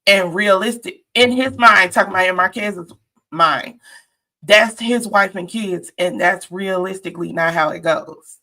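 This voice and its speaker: Gravelly, bright-voiced woman recapping TV. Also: medium pitch, measured pace. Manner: chatty and sassy, talks straight to viewers. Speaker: reality TV recap host. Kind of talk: casual live-stream recap commentary.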